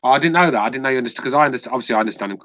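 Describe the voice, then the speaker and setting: A man's voice: medium pitch, racing, a crowd in the background. A man from southern England with a southern English accent, hosting a podcast in casual chat, rambling with repeated words and swearing. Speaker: podcast host.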